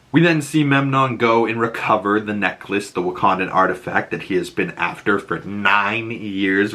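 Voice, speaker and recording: A man's voice: fairly low pitch, pushed and bright. A man in a casual, rambling recap of a show's episodes, retelling scenes with lots of filler words. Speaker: YouTube reviewer.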